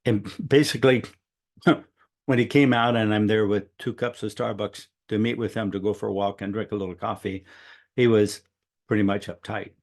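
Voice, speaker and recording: A man's voice: fairly low pitch, fairly even intonation, moderate pace. A middle-aged man telling a long personal story in a casual, rambling way, often quoting what others said. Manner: rambling, conversational, quotes others at length. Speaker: speaker sharing a personal story.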